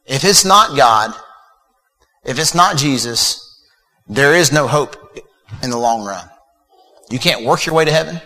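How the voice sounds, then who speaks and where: A man delivers a sermon in an easygoing, conversational way, often restarting phrases and repeating words. His medium-pitched voice is bright, forward and animated, with a measured pace and long pauses. The long reverb of a large hall rings around him.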